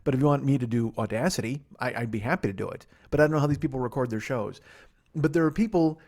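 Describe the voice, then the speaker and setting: A man's voice: medium pitch, darkish tone. A middle-aged man from Chicago hosting a solo podcast from a living room, rambling and profane, stifling yawns as he talks. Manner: rambling, profane, self-mocking, rushes without pausing. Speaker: podcast host. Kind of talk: solo casual monologue. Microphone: laptop and microphone.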